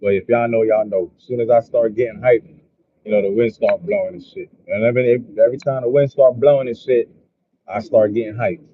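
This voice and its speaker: A man rambles through a fired-up motivational talk, swearing often and circling back over the same phrases. His voice is husky and a little breathy. The sound is thin and tinny, like a phone line. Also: medium pitch, steady tone, a little fast. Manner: profane, repetitive, preachy. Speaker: motivational vlogger. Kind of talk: casual motivational monologue.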